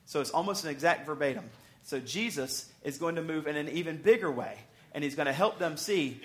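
Slightly high-voiced man preaching a sermon. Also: fairly quick, a bit bright. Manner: conversational, with bursts of emphasis and acted-out quotes; restarts and stumbles over words. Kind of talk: sermon, expository Bible teaching.

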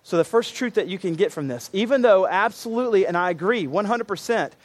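A man's voice: sits high, lively intonation, fairly quick. A man preaching a sermon to his congregation, earnest and emphatic, often repeating himself for weight. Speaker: pastor.

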